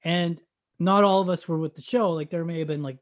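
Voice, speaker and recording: A man from Canada telling a story in casual chat, acting out the dialogue and bursting into loud excited shouts. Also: fairly high pitch, a little fast.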